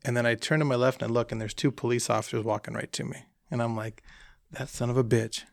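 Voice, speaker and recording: Guy with a gravelly voice spinning a hunting trip story, dry close sound. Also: medium pitch, fast talker, no echo. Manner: animated anecdote with quoted dialogue. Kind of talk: casual storytelling.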